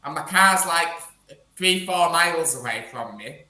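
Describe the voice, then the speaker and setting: A man's voice: fairly high pitch, animated, unhurried, sharp tone, echoey room. A man telling a rambling story in casual chat, acting out dialogue. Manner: rambling, acts out police dialogue.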